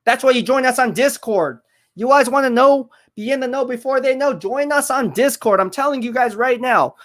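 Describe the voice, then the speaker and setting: A man with a very high voice speaks at normal speed while hosting a live stream of a football match. He reacts excitably to plays, chats with viewers and repeats his points.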